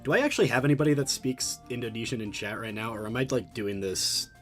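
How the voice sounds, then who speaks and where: A man's voice: mid-range voice, quick pace, faint music behind. Rambling male streamer chatting to his audience. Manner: rambling, with frequent restarts and repeated words. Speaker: livestreamer. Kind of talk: casual chat with a live chat while studying a language.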